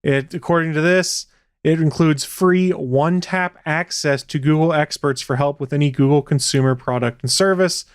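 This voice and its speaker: Podcast co-host guy, wry dry humor, kinda high voice, clean dry mic. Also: normal speed, smooth, dry recording. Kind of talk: casual chat.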